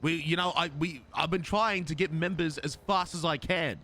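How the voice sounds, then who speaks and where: A man's voice: on the high side, moderate pace, sharp tone. A man speaking in character in a gang roleplay, exasperated and defensive, swearing and stammering when worked up.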